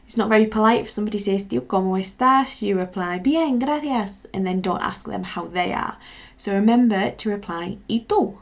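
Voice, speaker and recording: A woman teacher leads a beginner lesson in an encouraging way, spelling words letter by letter and pausing for drills. Her voice has a gravelly edge. The recording is dull and lo-fi. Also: mid-range voice. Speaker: language teacher. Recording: dull lo-fi sound.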